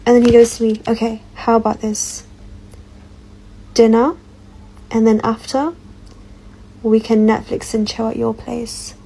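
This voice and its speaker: A woman's voice: fairly high pitch, little pitch movement, measured pace, gravelly, pauses often, mellow, husky, rough recording. A woman telling a dating story casually, with wry amusement.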